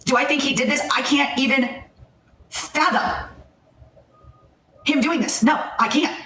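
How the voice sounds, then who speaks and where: A woman's voice: high voice, unhurried, pauses often, pushed and bright, roomy sound, distant mic. A woman hosting a heated livestream, angry and upset, blunt and repeating herself for emphasis. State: upset and shaking. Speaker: livestream host.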